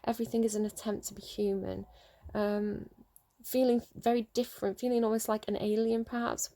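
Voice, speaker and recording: A woman's voice: medium pitch, warm tone. A woman giving a casual intuitive tarot reading, rambling and tentative as she thinks aloud. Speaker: tarot reader.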